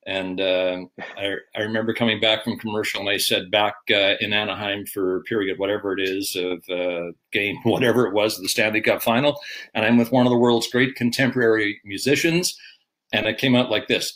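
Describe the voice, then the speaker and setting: An older man with a lowish voice tells a long anecdote, wandering through tangents and poking fun at himself. He speaks as a veteran sportscaster in relaxed, casual storytelling. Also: normal speed, rough recording. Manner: rambling, self-deprecating, quoting others. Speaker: guest, veteran hockey broadcaster.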